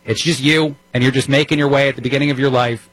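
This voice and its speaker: Fill-in talk host with a New Jersey accent. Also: male voice, mid-range voice, steady tone, quick pace, a bit bright, slightly rough, no echo, low-quality recording. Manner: conversational, wry, frequent ums and uhs. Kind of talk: political talk radio monologue.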